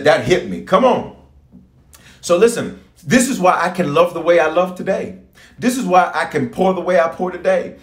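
Man, bishop, fervent livestream sermon, fairly high voice, echoey room. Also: fairly bright tone. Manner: fervent preacher, repeats lines and exhorts listeners.

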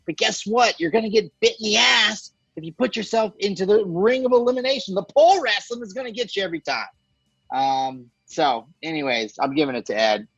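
A man's voice: sits high, brisk, fairly bright tone, breathy edge, no room sound, dull audio. A man co-hosting a podcast in casual chat, jokey and profane, rambling through his picks. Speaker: podcast co-host.

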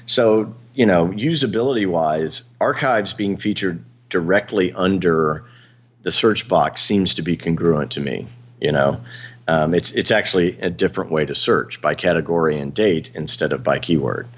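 Low-voiced man chatting on a podcast. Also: normal speed, slightly rough. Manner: rambling, hesitant, frequent fillers and laughs. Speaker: podcast host. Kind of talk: casual chat.

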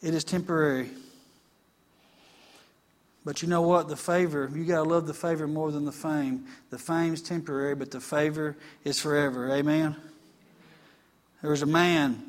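This is a man preaching to his congregation. His voice sits high, and his delivery is folksy and plainspoken, with scripture read aloud and calls for an amen along the way. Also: steady tone, moderate pace, long pauses. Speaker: pastor. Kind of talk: sermon.

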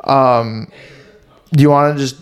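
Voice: mid-range voice, fairly even intonation, measured pace, smooth. A young adult podcast host in casual chat, playful and rambling, often restarting sentences.

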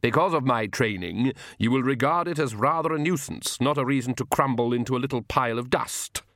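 A man's voice: medium pitch, fairly quick, a bit bright, lightly acted. A man doing a condescending vampire count. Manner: heavy patience, condescending. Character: slow, patronising aristocratic male vampire count.

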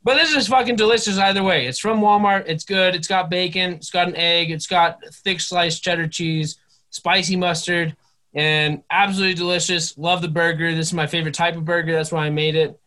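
A man's voice: high-pitched, steady tone, a little fast, sharp tone. A young man co-hosting a casual podcast, joking and swearing freely as he leads the chat. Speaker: podcast co-host.

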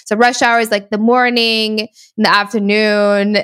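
A woman's voice: medium pitch, flat delivery, moderate pace, fairly bright tone, smooth. A young woman, chatting casually and telling a story with many fillers. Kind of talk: casual chat.

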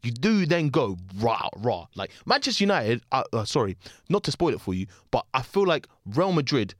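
A man hosting a podcast, talking sport in rapid, slangy, enthusiastic chat. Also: medium pitch, big pitch swings, no echo, studio quality. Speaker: podcast host.

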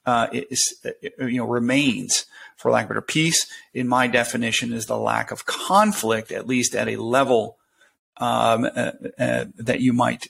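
A man's voice: mid-range voice, vocal fry, fairly bright tone, a little hiss or hum. A man who teaches as a professor, a guest on a podcast, talking with many hesitations and fillers. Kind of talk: interview conversation.

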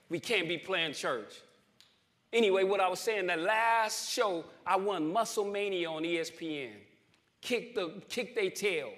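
A high-pitched man preaches a testimony sermon in church. His voice is bright and forceful, and he repeats his points and swells louder to call the congregation in. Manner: call-and-response preaching, emphatic repetition, swells louder to the crowd.

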